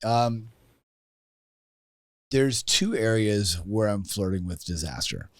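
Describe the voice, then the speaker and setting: A man's voice: on the low side, animated, slow pace, dry recording, clean studio sound. A man guesting on a podcast, giving blunt, heated opinions in casual talk and swearing.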